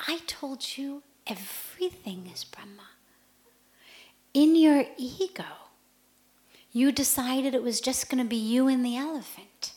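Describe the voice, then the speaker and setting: A woman voicing a calm, wise old male guru in a spoken story, who speaks softly and corrects his student gently. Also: very high voice, voice pushed up.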